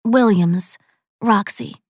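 A woman's voice: medium pitch, slow, no room sound, studio quality. A woman voicing a frightened, ill young woman who speaks nervously with a wry edge.

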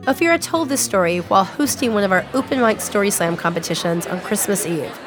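A woman hosting a radio show, reading scripted introductions in a measured, even way. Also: medium pitch, over music.

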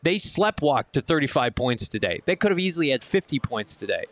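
A man hosts a live postgame show from a casino watch party, breaking down the loss in an emphatic, ranting way. His voice sits slightly high, and the sound is close and dry. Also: big pitch swings, fairly quick, no echo. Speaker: sports talk show host. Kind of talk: postgame sports talk.

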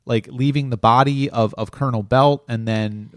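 A man's voice: mid-range voice, steady tone, moderate pace, dry recording, clean studio sound. A man co-hosting a podcast, talking through a critique in an exasperated, analytical way. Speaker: podcast co-host reviewing TV episodes. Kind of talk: casual critical chat.

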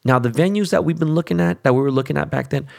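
A man's voice: on the high side, quick pace, gravelly, a little mellow. A man in his forties from Los Angeles, hosting a podcast in a blunt, casual rant full of swearing. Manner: blunt, heavy swearing, keeps asking "okay?". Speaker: podcast host.

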